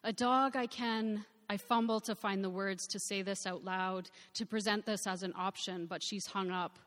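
Woman narrator, first-person audiobook, reflective, middle pitch, long reverb. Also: fairly even intonation, normal speed, fairly bright tone.

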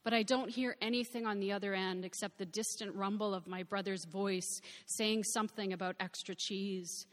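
A woman narrates a first-person novel in a reflective, measured voice. Her pitch sits in an ordinary middle range for a woman. The recording carries a long reverb. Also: steady tone.

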